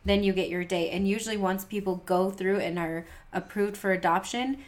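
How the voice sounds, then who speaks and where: A woman's voice: mid-range voice, fairly even intonation, normal speed. Enthusiastic woman in casual chat. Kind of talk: casual conversational storytelling.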